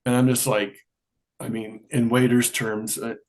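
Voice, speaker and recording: Middle-aged man telling a lively story. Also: medium pitch, a little slow. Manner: lively storyteller who acts out quoted dialogue. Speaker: interview guest. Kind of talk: casual storytelling.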